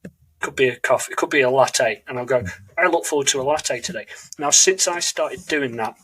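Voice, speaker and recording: A podcast host with a husky voice that sits at an ordinary pitch. He talks in an earnest, reflective way and stops to search for his words. This is a relaxed conversational chat. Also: a little fast, rough recording.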